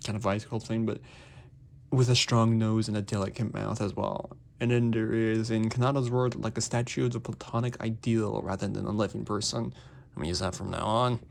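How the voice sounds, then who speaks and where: A man's voice: lowish voice, vocal fry, a little mellow. A young man giving a casual, rambling book review, packed with fillers and restarts. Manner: rambling, heavy on fillers like "like" and "basically".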